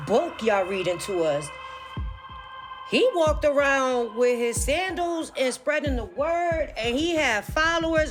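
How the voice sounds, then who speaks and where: A woman in her forties giving a heated, profane opinion rant as a vlogger, dropping in Spanish words. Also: high-pitched. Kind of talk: ranting opinion monologue.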